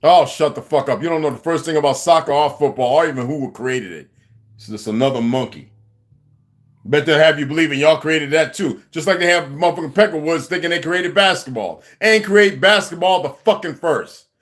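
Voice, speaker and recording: Talking a little fast in a slightly high voice, a man hosting a livestream lashes out at a viewer. His angry rant is aggressive, confrontational, and full of profanity.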